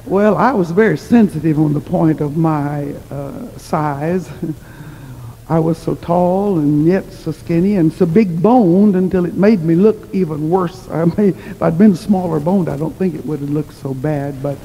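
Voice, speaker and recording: A woman's voice: deep voice, measured pace, mellow, a little hiss or hum. A woman preacher telling a humorous story in a sermon, chatty and self-mocking, often laughing at herself. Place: church hall. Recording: long reverb in a large hall.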